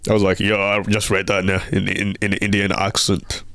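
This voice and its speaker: A man's voice: on the low side, completely flat delivery, brisk, fairly bright tone, dry recording, clean studio sound. A young man hosting a casual livestream, rambling and repeating himself as he reads viewer comments aloud. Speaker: livestream host.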